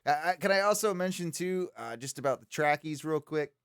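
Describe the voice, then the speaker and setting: A man co-hosting a casual podcast, telling his stories in an animated way. His voice is smooth and clear, a little higher than most men's, and his pitch swoops around a lot. The sound is dry and close to the mic. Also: a little fast, dry recording. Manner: animated storytelling, frequent fillers and restarts. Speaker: podcast co-host.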